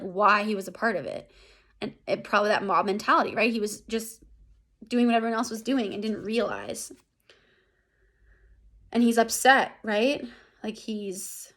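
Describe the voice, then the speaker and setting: A woman's voice: fairly high pitch, normal speed, a bit bright. A woman English teacher recapping a lesson in a casual, chatty way, full of fillers and tag questions.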